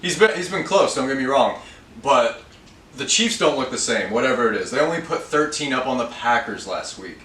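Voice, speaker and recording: A man with a medium-pitched, fairly bright voice talks briskly with lively intonation as he co-hosts a sports betting podcast. In casual chat, he walks through stats and lays out his reasons plainly to back up his picks. The recording has an echoey room sound, a distant mic and faint hiss.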